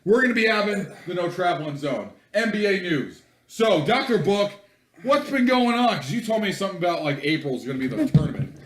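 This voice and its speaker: A young man hosting a casual podcast, rambling and laughing, reading sports news aloud haltingly. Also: sits high, expressive, roomy sound. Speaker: podcast host.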